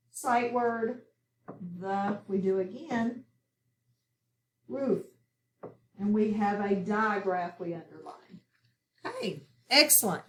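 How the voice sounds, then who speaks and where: A woman teaching a phonics lesson to children, speaking slowly and clearly with patient classroom instruction. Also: on the high side, slight background noise. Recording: echoey room, voice from far off.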